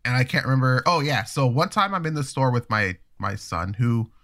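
A man in his thirties telling stories in casual chat, animated and profane, acting out other people's voices. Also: medium pitch, fairly quick. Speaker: podcast co-host telling stories.

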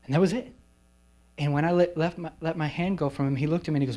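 A male preacher telling his testimony to a retreat gathering, his voice sitting a little on the high side. He moves from brisk storytelling to slow, soft, emphatic lines and acts out the people in his story. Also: fairly even intonation. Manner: personal testimony, slowing to soft, emphatic phrases; acts out quoted people in whispers and raised voices. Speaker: guest preacher.

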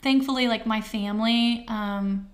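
Woman, thirties, interview guest, candid, heartfelt, slightly high-pitched. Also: steady tone, measured pace. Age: 30s. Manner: candid, heartfelt, many fillers, voices others in quotes. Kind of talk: emotional interview storytelling.

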